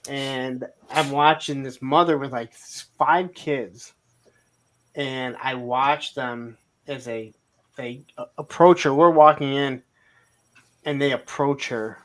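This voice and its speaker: A man's voice: mid-range voice, fairly bright tone. A man co-hosting a casual live stream, telling long rambling anecdotes, acting out other people's lines and laughing often. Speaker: co-host of a toy live stream. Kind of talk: casual storytelling chat. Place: home setup on a live stream. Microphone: streaming mic.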